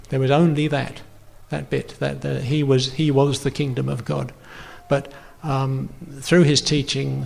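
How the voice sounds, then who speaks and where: A male pastor gives a relaxed, chatty sermon, stopping and restarting often with plenty of ums. His voice has a gravelly edge at a middling pitch. His nose is running. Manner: conversational, rambling with many fillers and restarts. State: runny nose.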